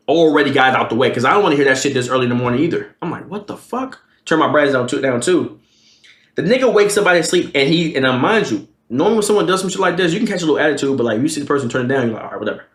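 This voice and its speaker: A young man in his twenties telling a casual, profane storytime, jumping into animated quoted lines. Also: fairly high pitch, rapid-fire. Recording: roomy echo.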